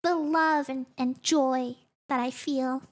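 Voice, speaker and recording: A woman's voice: sits high, fairly even intonation, takes it slowly. A young woman live-streaming in casual chat, giggling often and breaking off mid-sentence.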